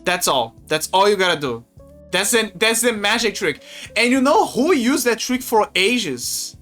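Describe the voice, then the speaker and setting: A man streaming, chatting casually in a rambling, animated way with frequent restarts and laughs. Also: sits high, unhurried. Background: faint music.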